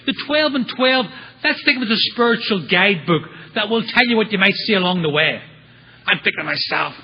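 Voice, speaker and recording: A man's voice: sits high, fairly quick, husky, highs cut off. A man speaking at a recovery meeting, telling his story with humor and acting out the voices of people in it. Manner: animated storyteller acting out quotes.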